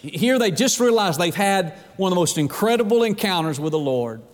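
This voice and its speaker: A man's voice: high voice, lively intonation, brisk. A man preaching a sermon, acting out scripture quotes with dramatic swings and folksy phrasing, calling his listeners friend. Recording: long reverb in a large hall.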